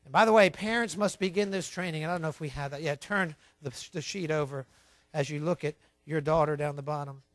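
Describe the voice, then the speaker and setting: A man's voice: fairly high pitch, a little fast, no room sound. A man teaching parenting from a Christian view in a sermon style, emphatic and fond of repeating key phrases.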